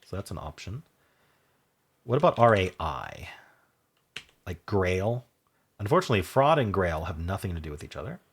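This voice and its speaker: A man with a deep, slightly husky voice hosts a word-puzzle video, reasoning aloud as he works through guesses. He spells out letter combinations and lets his sentences fade off softly, with keys clicking in the background. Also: very animated, moderate pace, long pauses. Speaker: Wordle video host. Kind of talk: thinking aloud while solving a word puzzle.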